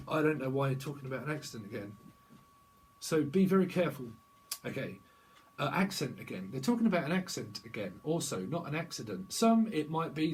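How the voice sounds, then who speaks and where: A man's voice: mid-range voice, rough recording. A man giving a rambling psychic tarot reading, free-associating through wordplay and laughing at his own jokes. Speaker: tarot reader.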